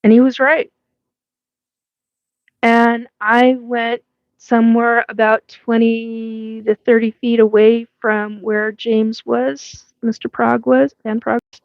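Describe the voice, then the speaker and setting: Hosting a relaxed live chat, this Washington State woman in her fifties speaks with a West Coast accent, rambling, laughing often, and using many fillers. Her voice is a little high, with vocal fry and a darkish tone. The recording is dry and dull.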